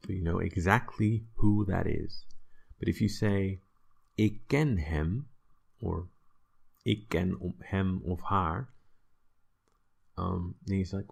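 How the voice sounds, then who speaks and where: A man's voice: low-pitched, measured pace, gravelly, darkish tone, breathy edge. A man explaining a language lesson in a casual, chatty way, full of fillers and checking with "right?". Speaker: language teacher.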